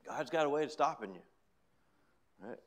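A man's voice: medium pitch, lively intonation, normal speed. A middle-aged man preaching, telling his own story in a chatty way with laughs. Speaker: preacher giving testimony. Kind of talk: sermon testimony.

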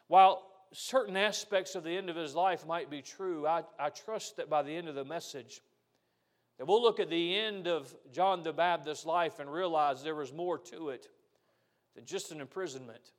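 High-voiced man preaching a sermon. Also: normal speed. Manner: earnest preaching with rhetorical questions. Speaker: pastor.

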